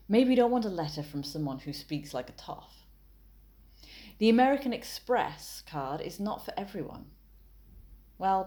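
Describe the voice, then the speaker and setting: A woman explaining copywriting in a measured, analytical way, with wry asides. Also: deep voice, dark tone. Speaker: copywriting teacher and author.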